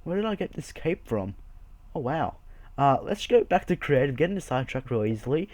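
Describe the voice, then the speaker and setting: A man's voice: medium pitch, big pitch swings, brisk, darkish tone, dry recording. A young man hosting a casual game video, chatty, rambling and jokey as he walks through his build. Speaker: Minecraft server video host. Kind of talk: casual gameplay commentary.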